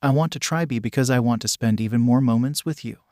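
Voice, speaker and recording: A man voicing a quiet, gentle teenage girl who speaks softly and hesitantly. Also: mid-range voice, fast, dry recording, studio quality, lightly acted. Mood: earnest. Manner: soft, hesitant.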